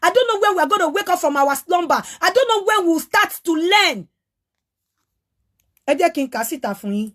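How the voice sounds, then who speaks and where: A woman's voice: extremely high pitch, lively intonation, a little fast, fairly bright tone. A woman with a Yoruba Nigerian accent hosting an opinionated monologue, lecturing with repeated rhetorical questions and switching between Yoruba and English. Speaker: host.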